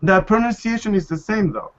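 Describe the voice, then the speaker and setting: Male language teacher, slightly high voice, unhurried, lo-fi call audio. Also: fairly bright tone, faint music behind. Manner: patient, slow, repeats and models pronunciation. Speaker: Spanish teacher. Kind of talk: live online language class. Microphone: video call.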